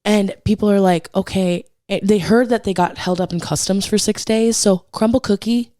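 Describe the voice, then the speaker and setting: A woman's voice: medium pitch, fairly even intonation, normal speed, warm tone, no echo. A woman co-hosts a casual podcast, spinning gossip in a chatty, loose way. Her voice sits in a middle register. The sound is dry and close, with no room around it. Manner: chatty gossipy storyteller, swears freely. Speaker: podcast co-host. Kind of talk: casual chat.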